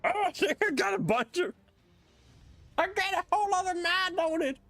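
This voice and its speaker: A man's voice: very high-pitched, lively intonation, normal speed, a bit bright, no echo, faint music behind. A man doing casual gameplay commentary as a YouTuber, playful and laughing constantly while he reads viewer comments. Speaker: gaming YouTuber.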